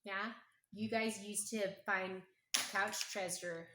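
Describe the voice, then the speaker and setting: A hoarse, strained woman, a mother gently telling family stories to her child at home, unhurried and humming as she thinks. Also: medium pitch, fairly even intonation. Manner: gentle, unhurried, thinking aloud with hums and pauses. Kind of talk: casual storytelling to her child. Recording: echoey room with clear background noise.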